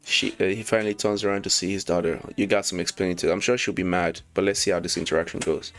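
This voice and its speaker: A man casually reviewing a manga chapter, reading lines aloud, excited and slangy, laughing often. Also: low voice, fast, faint music behind. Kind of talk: casual read-along commentary.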